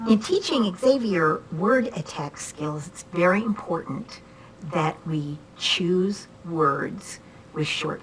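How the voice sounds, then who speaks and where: A woman's voice: low voice, fairly bright tone, slight background noise, poor audio. A woman teaching reading one-on-one to a student, patient and encouraging, asking many questions.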